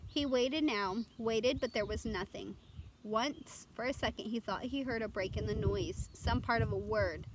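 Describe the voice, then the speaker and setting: A woman's voice: fairly high pitch, measured pace, a little hiss or hum. Woman narrating with dramatic expression. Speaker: audiobook narrator. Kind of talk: audiobook narration.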